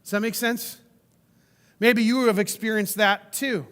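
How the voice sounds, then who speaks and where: A man's voice: high-pitched, steady tone, unhurried, fairly bright tone, smooth, in a large hall. A man preaching a sermon in a conversational way, often checking in with the listeners. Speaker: pastor.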